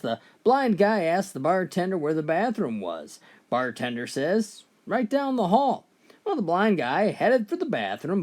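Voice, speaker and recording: A man's voice: a little high, darkish tone. A man telling jokes in a folksy storytelling style, often opening his lines with "well.". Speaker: joke teller. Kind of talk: told jokes, comic storytelling.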